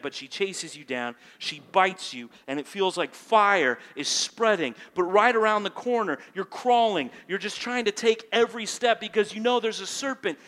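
Male preacher, high bright voice, dramatic and animated with a live crowd. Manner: animated, dramatic storytelling, swings between hushed and loud. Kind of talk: lively sermon with a live snake prop. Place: church hall before a live audience.

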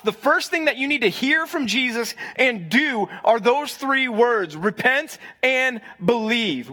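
A man's voice: very high voice, sharp tone. A young adult man, a pastor, giving a conversational sermon that invites the listeners to answer and repeats key lines for stress.

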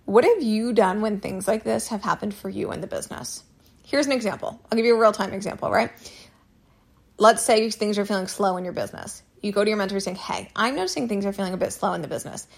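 A woman's voice: medium pitch, quick pace, gravelly, husky. Candid woman podcast host. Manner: candid, repeats herself, mild swearing. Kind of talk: casual solo podcast advice.

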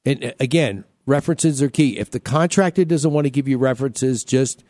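A man's voice: mid-range voice, fairly quick, a little mellow, no room sound, clean studio sound. A man hosting a home-repair radio show, talking casually, repeating himself and cracking jokes. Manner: chatty, repeats himself, joking.

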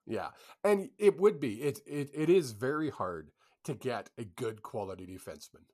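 A man's voice: mid-range voice, expressive, normal speed, mellow. A man co-hosting a casual hockey podcast, swearing and laughing through the banter. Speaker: podcast co-host.

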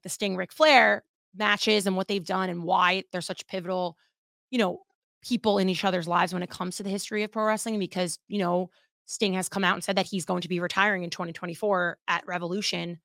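A woman hosting a wrestling podcast in a casual, chatty monologue, animated and swearing freely. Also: mid-range voice, a little fast, gravelly, no room sound, clean studio sound.

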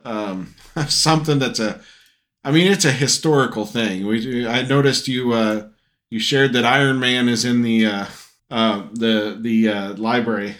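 A man's voice: mid-range voice, fairly even intonation, measured pace, fairly bright tone. A middle-aged man co-hosting a casual podcast with his son, rambling with many fillers and restarts. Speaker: podcast co-host, father. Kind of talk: casual chat.

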